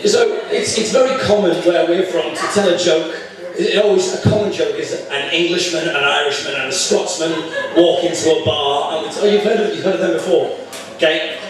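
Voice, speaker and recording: A man's voice: a little high, a little fast. A British man doing a live stand-up comedy set, crude and full of swearing, often restarting his sentences. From Britain. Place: comedy club. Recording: echoey room from far off.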